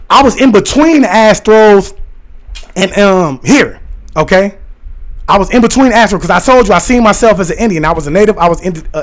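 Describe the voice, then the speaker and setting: A man chatting casually on a livestream, rambling excitedly and talking directly to his viewers and their comments. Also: sits high. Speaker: live streamer talking to chat.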